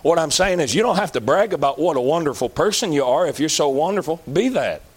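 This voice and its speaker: A man with a Southern accent preaching a sermon in a folksy, emphatic way, shouting at times. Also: on the high side, lively intonation, quick pace, husky.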